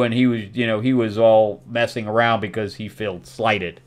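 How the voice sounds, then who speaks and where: A man's voice: lowish voice, steady tone. A middle-aged man hosting a casual comic book review, recapping the plot loosely with fillers and acting out quotes. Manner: rambling recap with fillers and quick acted quotes.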